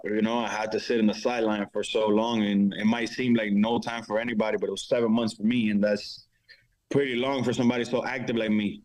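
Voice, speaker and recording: A man's voice: on the low side, a little mellow, poor audio. Confident brash male fighter. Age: adult father of four. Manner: confident, brash, slangy talk. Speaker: fighter guest. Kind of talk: casual interview chat.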